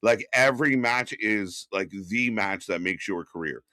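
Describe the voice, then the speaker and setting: A man co-hosting a live wrestling watch-along, chatty and quick to laugh, firing off questions. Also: lowish voice, sharp tone, no echo, studio quality. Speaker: co-host.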